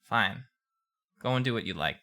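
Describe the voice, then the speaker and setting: A player voices their character in a tabletop game, pushing back quickly. The tone is bright and sharp, at a middle pitch. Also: expressive.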